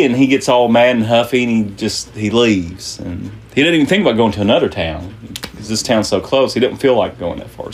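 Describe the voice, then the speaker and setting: A man's voice: on the low side, breathy edge. A man hosting a podcast, chatting casually and rambling with many fillers and restarts. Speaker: podcast host. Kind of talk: casual joke-telling chat.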